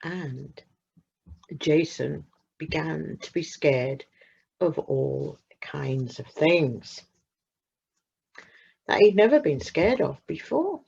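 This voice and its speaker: A woman narrating a children's story slowly and expressively, leaning into pauses. Her voice is husky with a gravelly edge. The recording sounds dull and lo-fi. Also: low-pitched. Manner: slow, expressive, dramatic pauses. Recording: muffled lo-fi recording.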